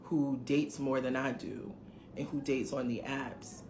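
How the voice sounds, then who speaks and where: Animated woman telling a story in an echoey room. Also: extremely low pitch, measured pace. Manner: animated, emphatic, talks straight to viewers. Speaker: vlogger recounting a dating experience. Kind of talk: casual storytelling to camera. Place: her home, indoors. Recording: roomy room echo, faint background hiss.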